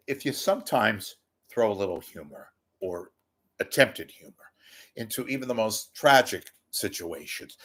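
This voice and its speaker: A man giving a rambling, self-mocking comedic monologue to his viewers, often swearing. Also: on the low side. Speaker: YouTube commentator.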